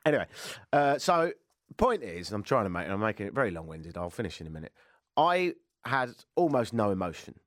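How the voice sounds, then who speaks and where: A man's voice: on the low side, sing-song, a little fast, no room sound. A British man in his forties hosting a radio show, chatting in a rambling, self-mocking way. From Britain. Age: 40s. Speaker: radio host. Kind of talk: casual radio monologue.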